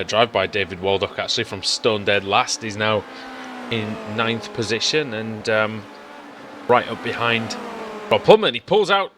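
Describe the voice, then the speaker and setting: A man's voice: lowish voice, background noise. A man giving chatty, rambling live commentary on a sim race, with many fillers. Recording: race car engines loud behind.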